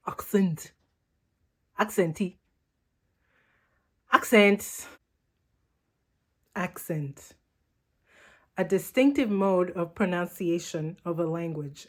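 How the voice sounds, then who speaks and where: A woman from Uganda speaks in a Ugandan accent that has shifted toward American. She talks slowly and deliberately, in a reflective vlog monologue with playful asides. Her voice sits fairly low. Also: a little mellow. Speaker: vlogger, channel host.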